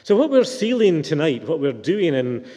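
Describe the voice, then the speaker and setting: A preacher delivers a reflective, questioning sermon in a fairly high, mellow voice. A long church reverb hangs on his words. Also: big pitch swings, moderate pace.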